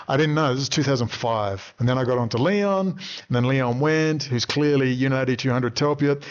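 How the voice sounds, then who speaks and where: A man's voice: mid-range voice, brisk, lo-fi sound. Rambling Australian man in his fifties. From Western Australia. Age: 50s. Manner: casual, digressive, swears freely, chuckles at own stories. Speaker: commentator. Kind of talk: rambling monologue.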